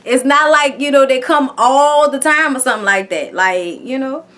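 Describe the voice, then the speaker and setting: Bright-voiced woman gossiping about TV. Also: sits high, moderate pace. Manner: profane, chatty, tags lines with "okay?". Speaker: TV show reviewer. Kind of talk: casual reality-show recap.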